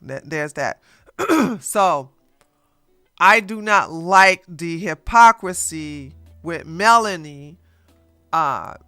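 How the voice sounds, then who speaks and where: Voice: medium pitch, bright, forceful tone, clear, resonant tone, no echo. A YouTube drama commentator giving blunt, repetitive ranting reaction commentary into a close mic.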